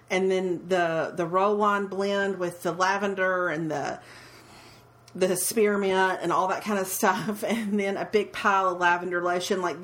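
Woman, forties, podcast co-host; chatty, repeats herself, mid-pitched. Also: a bit bright. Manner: chatty, restarts and repeats words. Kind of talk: casual chat.

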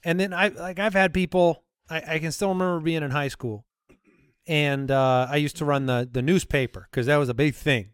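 A man's voice: fairly high pitch, fairly even intonation, moderate pace, clear, resonant tone, no room sound, clean studio sound. Rambling man hosting a comedy podcast. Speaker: podcast co-host. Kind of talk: casual comedy chat.

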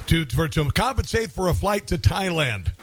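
A man's voice: on the high side, very animated, normal speed, heavy background noise. A man hosting a radio talk show, commenting sarcastically and rambling with fillers.

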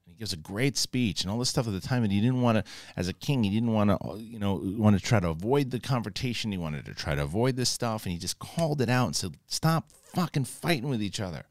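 Male host, low voice, dry close sound; casual, profane, excitable recap of a TV episode. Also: fast, few pauses, no echo. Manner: profane, excitable retelling with acted-out quotes. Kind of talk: casual spoken TV episode review.

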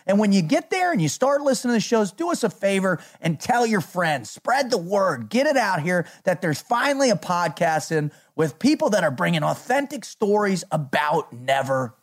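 A man's voice: high-pitched, very animated, moderate pace, few pauses. A man hosting a podcast, talking in a hyped, motivational way and laughing often. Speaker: podcast host. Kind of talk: energetic podcast chat.

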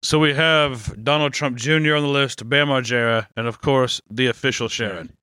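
A man co-hosts a casual podcast with a bright, sharp-edged voice. He talks in a profane, joking way and keeps things loose. The sound is dry and close. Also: mid-range voice, steady tone, moderate pace, clean tone, dry recording. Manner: profane, joking, slips into mock Australian voices. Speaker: podcast co-host. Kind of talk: casual chat.

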